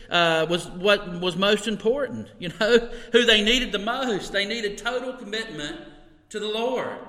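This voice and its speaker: Bright-voiced preacher in an echoey hall. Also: male voice, high-pitched. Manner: earnest, conversational preaching with occasional laughs and asides. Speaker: pastor. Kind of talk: sermon. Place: church sanctuary. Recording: echoey hall with long reverb.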